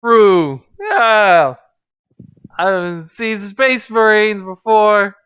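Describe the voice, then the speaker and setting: A man voicing a huge, dim-witted and loyal male ogre soldier who talks slowly in simple, broken phrases. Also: high-pitched, big pitch swings, fairly bright tone, clean tone, dry recording, voice pushed up, full character voice. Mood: friendly. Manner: slow, simple broken speech.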